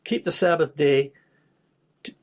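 A man's voice: a little high, a little slow. Man reading and explaining scripture. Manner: reads scripture aloud, then explains it plainly, with restarts. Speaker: preacher. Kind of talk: Bible study teaching.

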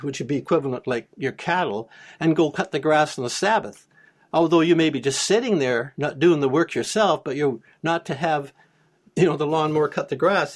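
A man teaching a Bible study, reading verses aloud and then explaining them plainly, with small restarts. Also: fairly high pitch. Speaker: preacher.

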